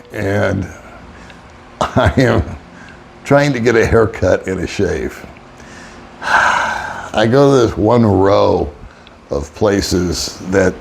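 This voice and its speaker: A man's voice: on the low side, gravelly, a little hiss or hum. An older man, an expat vlogger, telling a rambling, wry story in casual monologue and chuckling often. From United States.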